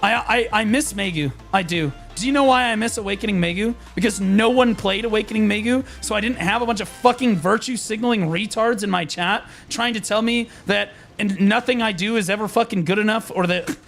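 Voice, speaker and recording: A man's voice: high voice, brisk, creaky, a bit bright, faint music behind. A young man streaming a game, ranting in a frustrated, profane, rambling way with many restarts. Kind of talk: live-stream rant.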